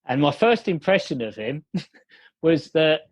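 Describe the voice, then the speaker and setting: A man's voice: a little high, big pitch swings, takes it slowly, no room sound. A man telling a story over a call, rambling with many fillers and restarts. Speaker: guest, company founder. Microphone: video call.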